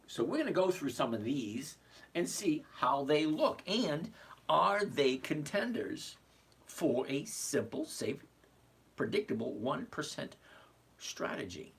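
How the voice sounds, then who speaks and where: A man's voice: medium pitch, a bit bright, husky. A man in his sixties hosting a casual investing livestream, chatty and greeting viewers by name as he goes. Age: 60s.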